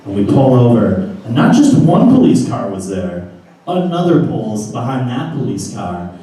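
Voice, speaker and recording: A man's voice: mid-range voice, mellow. A man telling a comic story about his youth to a live audience, casual and profane. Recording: roomy live room from a distance.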